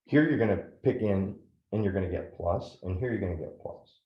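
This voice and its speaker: A man's voice: low-pitched, lively intonation, a little fast, echoey room, highs cut off. A man teaching a math lesson step by step, often checking in with "right?". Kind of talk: classroom lecture at a whiteboard.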